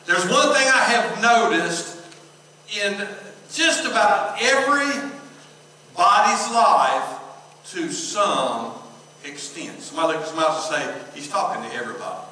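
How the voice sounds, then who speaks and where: A man preaching a sermon as pastor, reading scripture slowly, joking, and calling for responses from the congregation. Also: high voice, animated, sharp tone. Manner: call-and-response preaching, reads scripture slowly, tells jokes. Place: church sanctuary. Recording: echoey church hall from far off.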